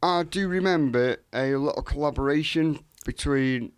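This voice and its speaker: A man's voice: fairly high pitch, moderate pace, smooth, no room sound, clean studio sound. A man, a musician guest chatting casually with sweary enthusiasm. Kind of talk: casual chat.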